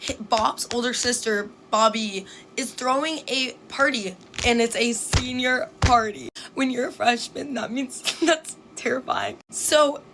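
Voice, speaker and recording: A woman's voice: fairly high pitch, fairly bright tone, soft background music. Chatty young woman telling a storytime. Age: young adult. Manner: chatty, fast, heavy use of "like", acts out quotes. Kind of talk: casual storytime chat.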